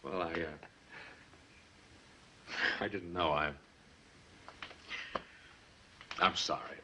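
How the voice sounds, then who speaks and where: An actor playing a stubborn, dutiful eldest son who talks in a clipped, stern way in a 1950s TV western. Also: male voice, low-pitched, fairly even intonation, slow pace, background noise. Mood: abashed.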